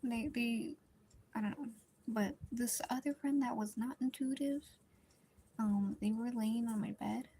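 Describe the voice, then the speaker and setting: A woman's voice: fairly high pitch, a little slow, mellow, a little hiss or hum. A young woman chatting casually while drawing, telling a rambling story with lots of fillers and some whispered stretches. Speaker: drawing streamer.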